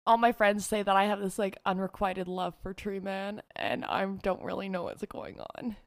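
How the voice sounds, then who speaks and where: A woman's voice: mid-range voice, lively intonation, moderate pace, creaky, no room sound, clean studio sound. A young adult woman telling a candid, profane confessional story to her viewers, laughing often. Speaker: vlogger.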